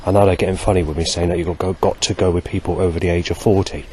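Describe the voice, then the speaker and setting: A man vlogging a spoken diary outdoors, halting and correcting himself as he goes. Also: sits low, fairly even intonation, darkish tone, a little hiss or hum. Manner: halting, with many restarts and self-corrections. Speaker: vlogger recording a daily log.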